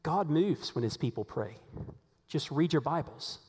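A man preaching a sermon as pastor, telling stories animatedly, his voice climbing when excited. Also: on the high side, measured pace, breathy edge. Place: church sanctuary. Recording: long hall reverb.

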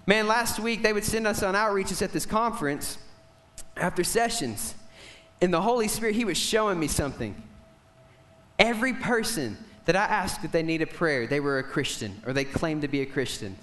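A man's voice: fairly high pitch, animated, normal speed. Impassioned young male preacher. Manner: impassioned, storytelling, swings from loud to hushed. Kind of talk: sermon.

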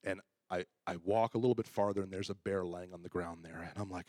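A man's voice: low voice, fairly quick, no room sound, clean studio sound. A man, a pastor, telling a story in a sermon and acting out the lines he quotes with animation. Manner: animated, acts out his own quoted lines.

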